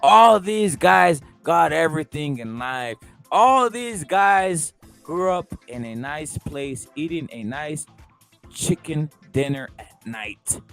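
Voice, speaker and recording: A man hosting a live boxing talk show with a fairly high voice, animated and profane. He keeps firing rhetorical questions at the chat and hammering the same points, with faint music under him. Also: takes it slowly, creaky. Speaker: host.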